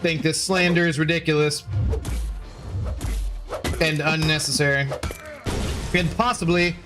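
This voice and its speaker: A man's voice: on the high side, unhurried, music in the background. A man chatting casually on a livestream, reading chat aloud and rambling playfully with many self-corrections.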